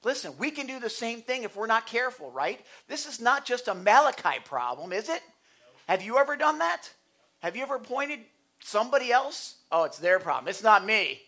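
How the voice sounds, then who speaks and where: A man's voice: extremely high pitch, big pitch swings, normal speed, pushed and bright. A man preaching a sermon in an earnest, conversational way, asking the congregation questions and building to emphatic bursts. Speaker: pastor.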